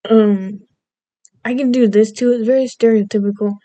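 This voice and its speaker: A woman's voice: on the high side, steady tone, moderate pace, warm tone, no room sound. A young adult woman vlogging in rambling, goofy casual chat, self-deprecating and meandering between topics.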